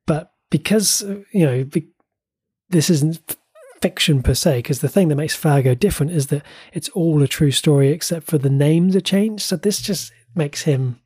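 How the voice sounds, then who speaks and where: A man's voice: fairly high pitch, moderate pace, darkish tone, slightly rough, no echo. A man from England co-hosting a casual podcast about shows, chatty, with playful mock indignation and frequent restarts. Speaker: podcast co-host. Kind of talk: casual entertainment review chat.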